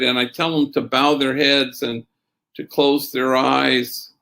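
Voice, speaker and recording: Man, middle-aged, gravelly voice, storytelling talk, Spanish slang in the mix. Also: mid-range voice, takes it slowly. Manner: tells stories with Spanish slang phrases mixed in; quotes others in a raised, lively voice. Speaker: priest and speaker.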